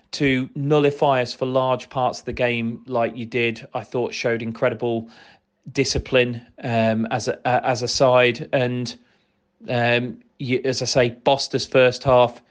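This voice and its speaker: A man calmly reflecting on a football match, fair-minded and analytical, with frequent restarts. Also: mid-range voice. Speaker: pundit from the other club.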